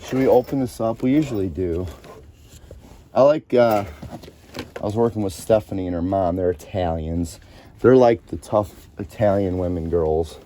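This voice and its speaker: A man with a fairly low, mellow voice talks loosely to the camera. His vlog rambles from one thing to another in easy, chatty bursts, with faint background noise behind him. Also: normal speed. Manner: chatty, scattered, jumps between topics. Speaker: vlogger. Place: at home, then outdoors in a store parking lot.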